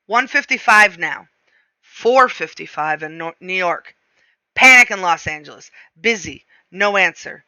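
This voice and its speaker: A woman reading a novel aloud, shifting her pace and slowing on descriptive phrases. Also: on the low side, lively intonation, pushed and bright, clear, resonant tone, dry recording, rough recording. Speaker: reader.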